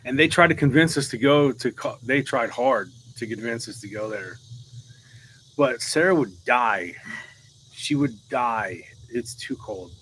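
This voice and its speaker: A man's voice: mid-range voice, a little slow, fairly bright tone, slight background noise, rough recording. A man from the American South with a mild Southern accent mixed with a surfer sound, co-hosting a casual live chat in a laid-back, joking way. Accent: mild Southern US mixed with Californian surfer. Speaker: co-host.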